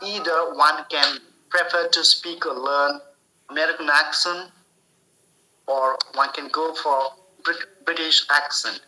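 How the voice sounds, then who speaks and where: A man giving a spoken English lesson, explaining slowly and deliberately, often repeating and restarting his phrases. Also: fairly high pitch, fairly even intonation, sharp tone, a little hiss or hum, rough recording. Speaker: English teacher.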